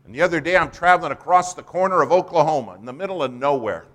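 A man preaching a sermon and telling a story, his voice swinging from hushed to loud. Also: on the high side, quick pace. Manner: storytelling, animated.

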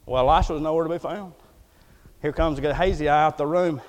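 A man's voice: a little high, fairly even intonation, fairly quick. A man preaching a folksy, storytelling sermon in a church, acting out the quotes as he goes. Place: church hall. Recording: echoey hall.

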